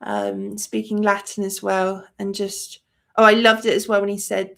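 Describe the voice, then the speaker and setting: A woman's voice: mid-range voice, little pitch movement, moderate pace, creaky, a bit bright. A woman hosting a movie channel livestream, chatting effusively and reading viewer comments aloud. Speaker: movie review channel host. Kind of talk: casual livestream chat.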